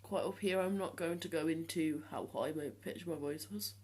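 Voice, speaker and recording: A seventeen-year-old young man talking casually to the camera in a vlog, hesitant with many ums and restarts, speaking in a voice he has deliberately trained lower. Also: darkish tone, husky. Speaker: vlogger.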